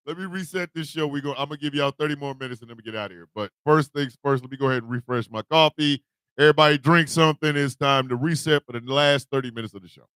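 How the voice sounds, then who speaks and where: A man's voice: fairly high pitch, fast talker, clean tone, dry recording, clean studio sound. A man hosting a morning radio show, telling a loose, profane story with laughter and acted-out family lines. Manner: animated, laughing, swearing, acts out his family members. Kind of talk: casual storytelling monologue.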